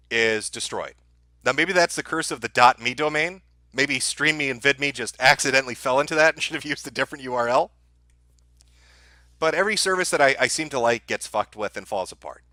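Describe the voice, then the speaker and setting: A man's voice: mid-range voice, lively intonation, brisk, sharp tone, dry recording. A man hosting a livestream, ranting angrily with a lot of swearing about the topic he's covering. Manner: profane, angry, ranting. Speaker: livestream host. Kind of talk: heated livestream rant.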